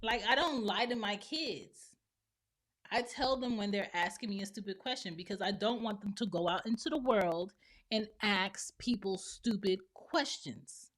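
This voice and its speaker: A woman's voice: medium pitch, measured pace, a bit bright. A woman around forty hosting a podcast, talking bluntly and opinionatedly on her own and acting out other people's lines. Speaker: podcast host and mother. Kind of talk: solo opinion monologue.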